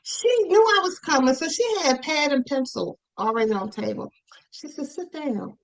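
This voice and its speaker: A woman author chatting as a podcast guest, telling animated stories and acting out her parents' voices. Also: high voice, fairly quick, creaky, low-quality recording. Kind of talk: casual podcast conversation.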